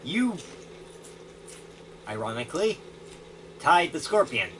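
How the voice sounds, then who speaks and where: Animated game master narrating, noisy room. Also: male voice, on the high side, takes it slowly. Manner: laughing, animated storytelling. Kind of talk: casual tabletop game narration. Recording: noisy home recording.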